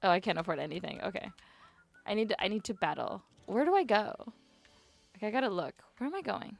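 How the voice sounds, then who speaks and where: A woman chatting to herself while she plays a video game, rambling and giggly, her voice climbing high when she gets nervous. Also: big pitch swings, a little fast, gravelly, dry recording, faint music behind. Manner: rambling self-talk, giggly. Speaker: streamer. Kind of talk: casual gameplay commentary.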